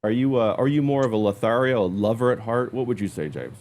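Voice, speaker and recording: A man hosting a casual livestream talk show, upbeat, giving shout-outs to chat. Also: mid-range voice, fast. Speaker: host.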